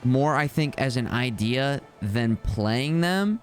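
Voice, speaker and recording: A man's voice: medium pitch, animated, slow, slight background noise. A man chatting casually as a guest, rambling and hedging with fillers, with a slight leftover cough. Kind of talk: casual chat.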